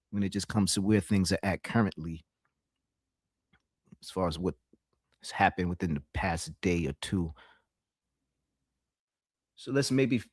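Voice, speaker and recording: A man's voice: lowish voice, a little mellow, no room sound, clean studio sound. A man doing casual live-stream reaction commentary, loose and profane, often mimicking the voices in the clips he plays.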